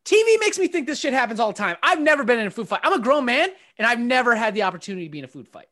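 Guy on a comedy podcast, deadpan wisecracks, voice moves up and down a lot. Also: very high voice, rapid-fire. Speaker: podcast co-host. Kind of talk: casual comedic banter.

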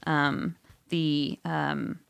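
A woman's voice: low voice, big pitch swings, extremely slow, creaky, smooth. A podcast host from Missouri, a woman chatting casually as she recaps a book, often saying "like" and acting out the lines she quotes.

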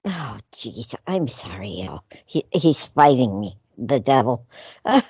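A woman's voice: very deep voice, big pitch swings, slow, warm tone, breathy edge, no echo. A woman co-hosting a radio talk show, telling a story in a meandering, chatty way with many fillers. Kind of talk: casual radio chat.

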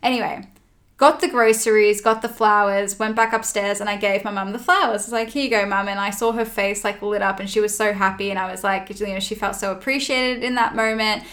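A woman's voice: mid-range voice, fairly even intonation, fairly quick, a bit bright. A woman hosting a casual chat, telling a personal story candidly, with emphatic swearing. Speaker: podcast host.

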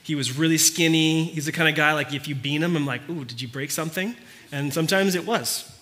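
Bright-voiced man preaching a sermon. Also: a little high, brisk. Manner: storytelling, conversational with quiet earnest passages. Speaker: pastor.

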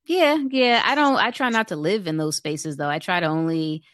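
A woman's voice: fairly low pitch, normal speed, fairly bright tone, no echo, studio quality. A young woman co-hosting a casual chat, peppy and bubbly, laughing often. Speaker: podcast co-host.

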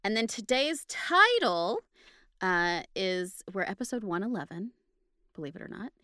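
Female podcast co-host, chatty and bright, dry close mic. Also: medium pitch, a little slow, no echo. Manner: relaxed, chatty, fillers and laughs. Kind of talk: casual chat.

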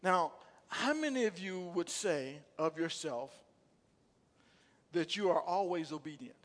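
A pastor with a high, bright voice preaches animatedly and a little slowly, calling out questions to his congregation in call-and-response style. His sermon builds to loud, emphatic bursts that ring with long reverb through the church sanctuary.

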